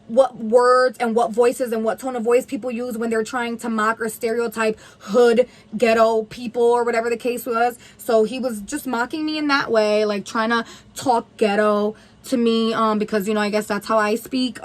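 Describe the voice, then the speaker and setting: Young woman, slightly high voice, casual story time vlog, lots of swearing and "like". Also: steady tone, normal speed, low-quality recording. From New Haven, USA. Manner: candid, heavy swearing, lots of "like". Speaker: vlogger. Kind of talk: casual story time while doing makeup.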